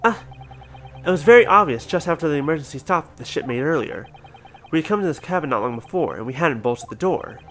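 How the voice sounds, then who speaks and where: A man voicing an earnest young male lawyer who reasons through a case in a steady way. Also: fairly high pitch, a little fast, a little hiss or hum, close to an everyday voice. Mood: reasoning.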